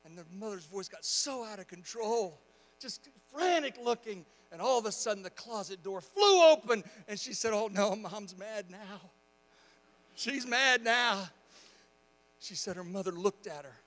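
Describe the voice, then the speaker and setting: A male pastor preaching a sermon, telling a story quietly and then rising into loud, impassioned exhortation. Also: high voice, very animated, moderate pace. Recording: long hall reverb.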